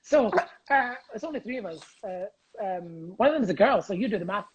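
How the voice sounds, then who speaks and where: Rambling, animated Scottish comedian. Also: male voice, high voice, a little fast, dull audio, crowd noise. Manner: rambling, animated, laughs through stories. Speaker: comedian guest. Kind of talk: casual video-call chat. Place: at home. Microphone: video call.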